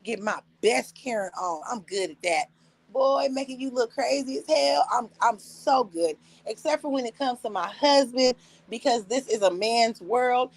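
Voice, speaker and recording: A woman's voice: a little high, normal speed, poor audio. Profane, laughing woman in her forties. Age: 40s. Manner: animated storytelling, acting out quotes in other voices; blunt, profane, laughing often. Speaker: live streamer. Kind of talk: casual chat on a livestream.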